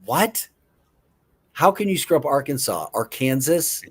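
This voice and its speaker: A man's voice: mid-range voice, moderate pace. A middle-aged man hosting a casual chat show, playful, repeating words in mock pronunciations and chuckling often. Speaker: show host.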